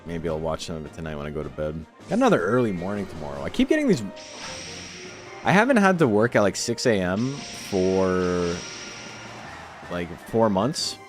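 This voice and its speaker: A man's voice: deep voice, very animated, moderate pace, soft background music. A man from Toronto, hosting a game tournament stream and chatting casually between matches. He rambles from one story to the next, swears freely and laughs between anecdotes. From Toronto, Canada.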